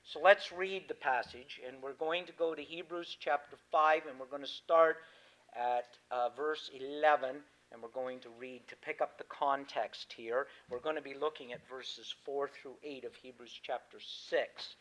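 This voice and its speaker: A man's voice: medium pitch, steady tone, moderate pace, a bit bright, low-quality recording. A man preaching a sermon, chatting easily with his congregation, then reading scripture aloud with rising emphasis. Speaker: pastor.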